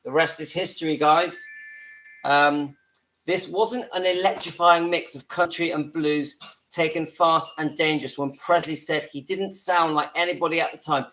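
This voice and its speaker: A man's voice: fairly high pitch, fairly even intonation, normal speed, slight background noise, low-quality recording. A man hosting a casual live stream from his home, chatting to viewers and breaking off to deal with his family. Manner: chatty, talks to viewers, breaks off to hush children. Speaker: livestream host.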